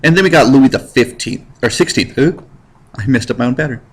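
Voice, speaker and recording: A man teaching history in a casual, slangy lecture over slides, cracking jokes and putting on quick voices for the people he describes. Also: mid-range voice, a little hiss or hum, low-quality recording. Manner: slangy, jokey, animated with put-on voices. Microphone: computer mic while drawing with a mouse.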